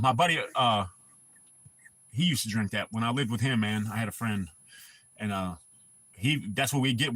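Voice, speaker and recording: A man's voice: mid-range voice, a bit bright, slight background noise. A man chatting casually on his livestream, telling rambling, profane stories. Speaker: livestream host.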